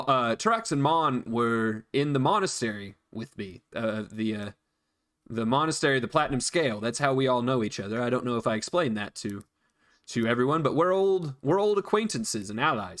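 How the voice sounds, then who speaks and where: A man's voice: mid-range voice, fairly bright tone, close to an everyday voice. A man voicing an earnest male monk who speaks stiffly and formally.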